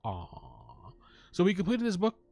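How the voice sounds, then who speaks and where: Gravelly, playful let's-play host man. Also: mid-range voice, lively intonation, moderate pace, no room sound. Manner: playful, jokey asides while reading. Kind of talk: casual gameplay commentary reading the text aloud.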